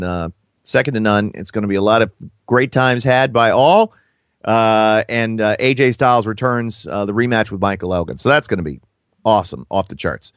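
Relaxed man co-hosting, dry sound. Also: on the low side, dry recording. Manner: relaxed, reacts with laughs and short remarks. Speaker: podcast co-host. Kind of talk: casual chat and show promo.

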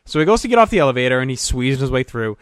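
A man co-hosting a podcast, animated as he tells a story and laughs along with it. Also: mid-range voice, very fast, clean tone, no room sound, clean studio sound. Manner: animated, laughs through his own story. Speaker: podcast co-host. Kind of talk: casual storytelling chat.

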